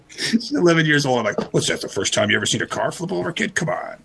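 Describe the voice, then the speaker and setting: A man's voice: on the high side, fairly quick, creaky, long pauses, low-quality recording. A middle-aged man hosting a radio talk show, telling a story casually and acting out the quoted lines. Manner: animated storyteller, acts out quotes.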